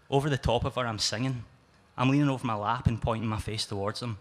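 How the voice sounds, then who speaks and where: A man's voice: medium pitch, fairly even intonation, fast. Scottish man reading his story live. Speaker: writer reading his work. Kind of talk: live spoken-word reading.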